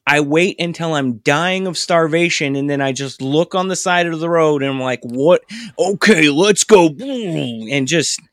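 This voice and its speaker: A man co-hosting a casual podcast, telling stories with animated, self-mocking energy. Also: a little high, moderate pace, hardly any pauses, no echo, studio quality. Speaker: podcast co-host. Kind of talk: casual chat.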